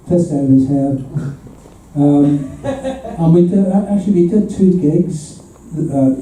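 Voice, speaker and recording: A man's voice: on the high side, warm tone, slight background noise. A man in his seventies with a Belfast accent, telling chuckling stories as a guest before a live audience. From Northern Ireland. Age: 70s. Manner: chuckling anecdotal storyteller. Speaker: guest musician. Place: hall at an audience event. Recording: echoey room from far off.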